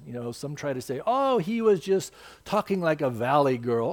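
A man's voice: mid-range voice, lively intonation, moderate pace, a little mellow. A man preaching a sermon, quoting scripture with emphatic, rising force.

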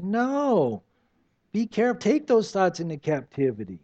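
High-voiced older male preacher, lo-fi. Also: wildly swooping pitch, a little slow, mellow. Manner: conversational preaching with acted asides. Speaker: pastor. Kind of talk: sermon. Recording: dull lo-fi recording.

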